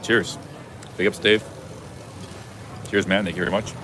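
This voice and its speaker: A man's voice: low-pitched, fairly even intonation, moderate pace, a little hiss or hum. A man live-streaming a travel vlog from a busy city street outdoors, chatting in a rambling way with many restarts. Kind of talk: casual walking live stream.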